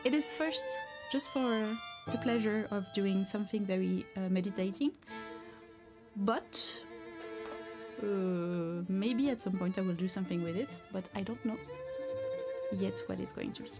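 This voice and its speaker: A woman's voice: mid-range voice, unhurried. A woman with a French accent, a craft streamer in a casual live chat, thinking aloud with many restarts while she beads. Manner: hesitant, thinking aloud, answers chat comments. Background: violin music.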